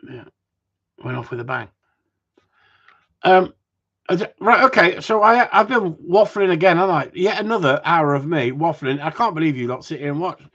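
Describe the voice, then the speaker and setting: A man's voice: fairly high pitch, expressive, normal speed, long pauses, fairly bright tone, highs cut off. A man, a dog trainer hosting a live stream, chatting casually and ranting at length while reading out viewer comments, swearing freely.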